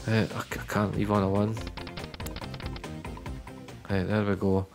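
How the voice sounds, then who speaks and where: A man giving live commentary on slot machine spins, chatty and prone to repeating words, breaking into loud excited bursts. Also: fairly low pitch, measured pace, over music. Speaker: online slots streamer.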